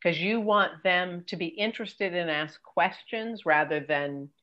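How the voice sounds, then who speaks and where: An older woman with a fairly low voice gives brisk, emphatic career advice over a dull, lo-fi video call. She is direct and practical. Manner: brisk, emphatic, mimics pitch emails. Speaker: career coach and guest expert. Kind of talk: advice in an interview.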